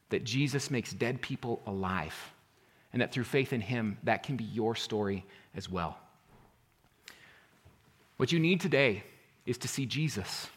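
A male pastor preaching a sermon earnestly, rising to emphatic points and then dropping to a quiet intensity. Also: mid-range voice.

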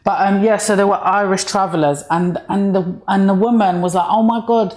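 A woman's voice: medium pitch, fairly even intonation, brisk, darkish tone. A woman from East London with a London accent, a comedian telling stories in a casual podcast chat. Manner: chatty storyteller, acts out voices in anecdotes. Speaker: comedian guest.

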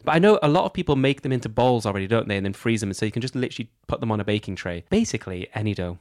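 A young man co-hosting a casual podcast, telling animated, quick stories. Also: fairly low pitch, dry recording, studio quality. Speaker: podcast co-host, former baking contestant. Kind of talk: casual chat.

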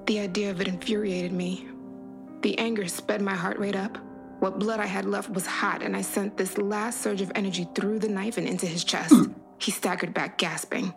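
A woman's voice: medium pitch, steady tone, a little fast, gravelly. A woman podcast host reading a first-person horror story aloud in an intense, dramatic storytelling manner. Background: music.

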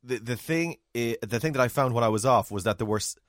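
A man's voice: medium pitch, quick pace, no echo, clean studio sound. An Irish man co-hosting a podcast, rambling and jokey, often tripping over his words. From Ireland. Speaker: podcast co-host, radio broadcaster. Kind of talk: casual podcast chat.

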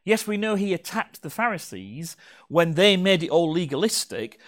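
A man's voice: sits high, big pitch swings, normal speed. A man preaching a sermon to his congregation, playful and teasing. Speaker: pastor. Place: church hall.

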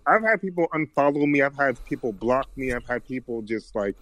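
A man's voice: mid-range voice, lively intonation, a little fast, a bit bright, no echo. A man guest on a podcast, talking in a reflective, rambling way with frequent restarts. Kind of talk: casual conversation.

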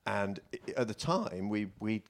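A man's voice: fairly low pitch, sing-song, a little slow, gravelly. A man from England co-hosting a podcast, telling a school anecdote in casual chat and acting out the people in it. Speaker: podcast co-host.

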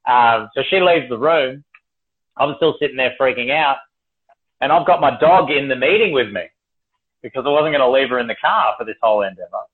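A man's voice: mid-range voice, husky. A young man telling a story casually, rambling, swearing and laughing as he goes. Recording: tinny phone-like livestream audio.

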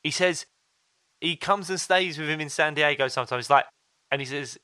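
A man's voice: fairly high pitch, measured pace, sharp tone, no room sound. A man co-hosting a podcast, telling stories in a chatty, casual way with fillers and quoted asides. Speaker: podcast co-host. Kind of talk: casual chat.

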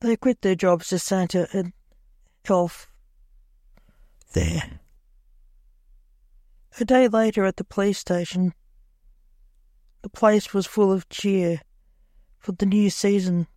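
A storyteller reading a dark comic holiday tale in plain, measured narration. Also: medium pitch, steady tone, no echo, studio quality.

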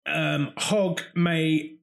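A man's voice: fairly high pitch, very slow, creaky. A man chatting casually and easily, laughing along with a friend. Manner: relaxed, easygoing, laughs along. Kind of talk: casual sports chat.

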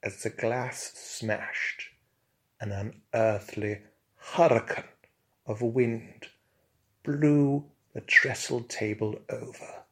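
A man's voice: medium pitch, creaky. A man narrating an absurd comic tale in a pompous, mock-grand manner. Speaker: comic storyteller.

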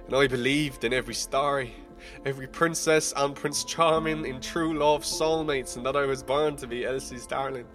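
A young man narrating a rhyming spoken-word story, casual and profane, moving between hushed and heated. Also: mid-range voice, steady tone, normal speed, soft background music. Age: young adult.

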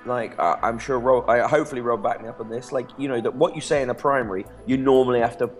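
A man's voice: medium pitch, fast talker, soft background music. A man co-hosting a casual political chat, joking and loose, with plenty of fillers. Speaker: podcast co-host. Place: Amsterdam studio or home setup.

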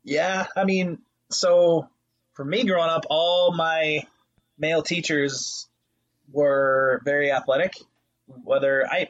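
A man's voice: on the high side, husky, lo-fi sound. A young man on a casual podcast, swearing often and acting out quotes while telling stories about substitute teaching. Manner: animated storytelling, swears a lot, acts out voices. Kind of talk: casual chat.

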